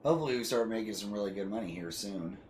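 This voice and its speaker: Lowish-voiced man casually streaming a game. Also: fast, a little hiss or hum. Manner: relaxed, thinks aloud and asks chat for ideas. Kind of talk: casual gameplay commentary.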